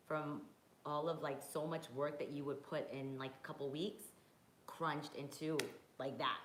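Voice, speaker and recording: A woman's voice: sits low, echoey room, slight background noise, low-quality recording. A woman hosting a live stream, chatting casually with her viewers, swearing freely and reacting to their comments while sipping wine. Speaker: podcast host reading live chat.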